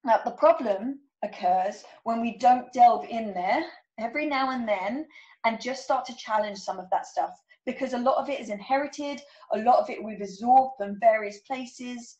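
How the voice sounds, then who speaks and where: A woman's voice: a little high, moderate pace, darkish tone, lo-fi sound. A woman coach giving a workshop talk, reading out numbered statements and checking in with her listeners. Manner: checks in with frequent "okay?".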